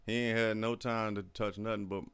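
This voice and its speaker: A man telling a profane, animated story in casual chat, acting out the people he quotes. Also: lowish voice, moderate pace, smooth.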